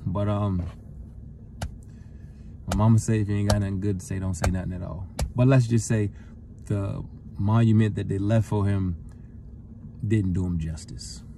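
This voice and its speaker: A middle-aged man, a retired football player, telling a personal story in a loose, rambling way that gets lively as he relives it. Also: lowish voice, normal speed, pauses often, background noise. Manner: relaxed, rambling with fillers, gets animated retelling the encounter. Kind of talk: casual storytelling monologue.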